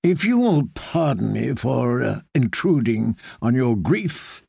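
A man's voice: medium pitch, big pitch swings, takes it slowly, gravelly, darkish tone, husky, no echo, exaggerated voice. A man voicing a weary, dry-witted lord commander in an audiobook. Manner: dry, mild.

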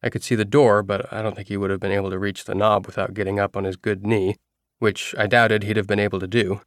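A man reading a novel aloud as a first-person narrator, in a steady storytelling manner. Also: lowish voice, quick pace, no echo, studio quality. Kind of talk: audiobook narration.

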